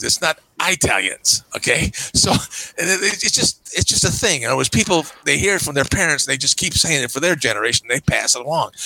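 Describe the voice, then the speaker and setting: Older male podcast guest: gravelly, bright, dry close sound, emphatic chatty anecdotes. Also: no room sound, poor audio. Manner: emphatic storyteller with lively pitch jumps and frequent "okay"s. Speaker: podcast guest, camera magazine publisher. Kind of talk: casual podcast chat.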